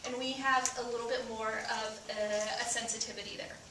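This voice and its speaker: A woman's voice: fairly high pitch, steady tone, a little fast, bright, forceful tone, reverberant, recorded from a distance, slight background noise. A woman performing stand-up comedy before a live audience, speaking with a stutter full of repeated sounds.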